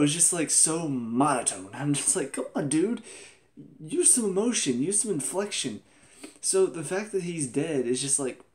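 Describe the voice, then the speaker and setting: A young man talking casually in a TV episode review vlog. He is animated, laughs often and exclaims in disbelief. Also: on the high side.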